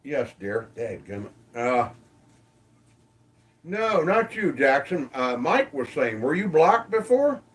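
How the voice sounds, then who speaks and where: A man's voice: a little high, big pitch swings, slow, far from the mic. A man casually hosting a livestream from his phone, greeting viewers by name in an easygoing way. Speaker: livestream host. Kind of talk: casual livestream chat reading comments.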